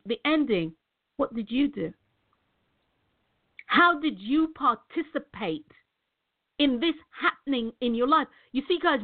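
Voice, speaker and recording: Emphatic middle-aged woman, motivational speaker, high voice, repetitive, tinny phone-quality audio. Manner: emphatic, repeats words, addresses viewers as guys. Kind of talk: direct-to-camera motivational talk.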